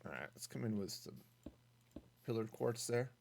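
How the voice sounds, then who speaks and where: Casual game streamer, mid pitch, very animated intonation, muses aloud and answers chat. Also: normal speed, gravelly. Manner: chatty, thinking aloud, reading chat. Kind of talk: casual gaming stream commentary.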